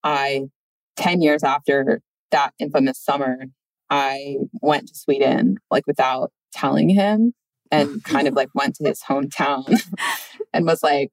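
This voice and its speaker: A woman in her thirties telling a story as a podcast guest, deadpan and drawn out. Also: a bass voice, dry recording, rough recording. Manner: deadpan, drawn-out delivery, puts on voices in anecdotes. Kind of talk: casual chat, storytelling.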